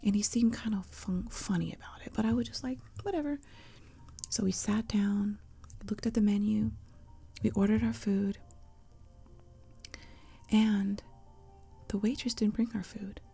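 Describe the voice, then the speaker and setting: A woman hosting an ASMR channel, talking in a soft half-whisper and telling a rambling, chatty story up close to a sensitive mic. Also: medium pitch, level tone, a little slow, vocal fry, long pauses, husky, soft background music. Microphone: close sensitive mic for headphones.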